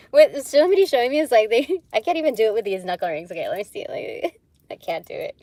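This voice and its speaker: A woman's voice: fairly high pitch, sing-song, fairly quick, darkish tone. A woman hosting a casual spiritual live stream, rambling with many fillers and frequent giggles. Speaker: spiritual livestream host. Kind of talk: casual live tarot chat.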